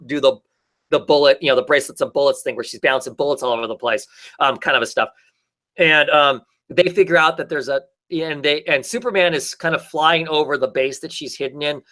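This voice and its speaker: A man's voice: a little high, fairly quick, sharp tone. A man in a casual chat, rambling through a comic story with lots of fillers and restarts. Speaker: podcast co-host.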